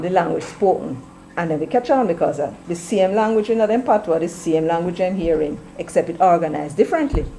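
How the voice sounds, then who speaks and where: A woman's voice: fairly low pitch, dark tone, a little hiss or hum, rough recording. A woman with a Jamaican accent hosting an opinionated commentary stream, emphatic and mixing patois into her English. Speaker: commentary show host.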